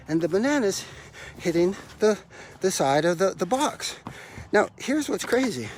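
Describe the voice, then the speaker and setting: A man coaching his podcast listeners while out of breath from running stairs, his voice pitched a little high for a man. He talks emphatically and hammers his key phrases over and over in a preachy way. Faint background ambience hums behind him. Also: very animated, moderate pace, long pauses, a little hiss or hum. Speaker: motivational podcast host and life coach. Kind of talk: motivational podcast talk.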